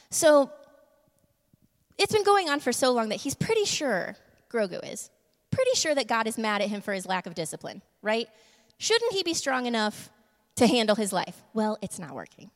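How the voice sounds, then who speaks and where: A woman giving a casual sermon, laughing often and moving between quick asides and slow, emphatic lines. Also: on the high side. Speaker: church speaker. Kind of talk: casual sermon with humor and props. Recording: long reverb of a large room.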